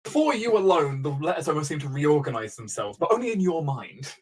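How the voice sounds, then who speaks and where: A young man as dungeon master, narrating a tabletop game in a measured way with small restarts. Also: fairly high pitch, very animated, breathy edge, poor audio.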